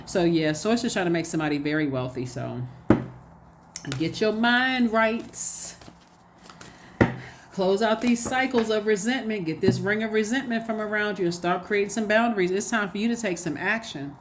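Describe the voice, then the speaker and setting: A woman giving a casual tarot reading in a lively, preachy way, repeating herself and urging the listener on. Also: mid-range voice, normal speed, noisy background. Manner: animated, repetitive, preachy exhortations. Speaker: tarot reader.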